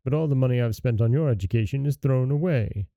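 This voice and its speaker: A man's voice: mid-range voice, quick pace, vocal fry, mellow, no echo, studio quality, close to an everyday voice. A man voicing a weary, exasperated father who scolds his son in a storybook reading. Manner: scolding, sighing.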